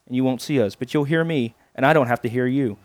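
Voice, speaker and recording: A man's voice: mid-range voice, fast, dry recording. Crude, mocking male podcast host. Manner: crass, mocking, rambling with sung comic verse. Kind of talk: crude comedic podcast monologue.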